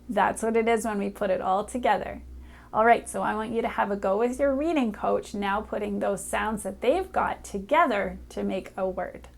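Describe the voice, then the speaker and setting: A woman reading teacher who talks brightly and encouragingly to a young child, sounding out letters slowly and clearly. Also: medium pitch. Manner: cheerful, encouraging, speaks directly to a child. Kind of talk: upbeat children's reading lesson.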